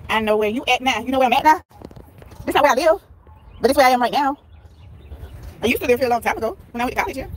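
A woman's voice: high voice, very fast, pauses often. A woman live-streaming a vlog on her phone while walking around a busy outdoor tailgate, chatting playfully with viewers and greeting them by name. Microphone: phone held while walking. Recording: phone recording with outdoor background noise.

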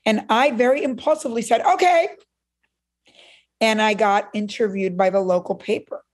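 In an interview, a middle-aged guest from Cuba brings a personal story to life, animatedly reenacting what others said. Her voice is medium-pitched and her delivery brisk.

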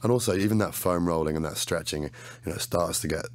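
A raspy, hoarse English man chats as a podcast guest. His voice sits very low and he talks quickly in a relaxed way. The sound is dry and close. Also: dry recording. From England. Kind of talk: casual chat.

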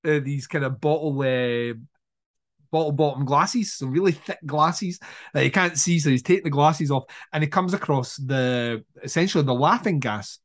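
Animated, higher-voiced man chatting about films. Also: normal speed. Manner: animated retelling of scenes, frequent swearing; many fillers and restarts, laughs while talking. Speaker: podcast co-host. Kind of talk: casual film discussion.

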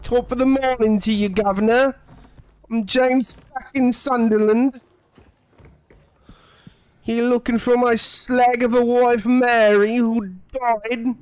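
A man putting on a brash, foul-mouthed Cockney bloke, a horror game hero who shouts and taunts everything in his way. The mock-Cockney accent is pitched high and pushed, loud and rowdy. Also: steady tone, takes it slowly, pauses often, clear, resonant tone, no room sound. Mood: swaggering. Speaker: streamer.

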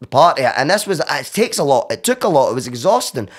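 A young man with a Glaswegian accent, a podcast guest telling a story in casual chat, animated and acting out what he once said. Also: a little high, fast talker. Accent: Glaswegian Scottish. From Scotland. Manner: animated, acts out his own past cries and quotes.

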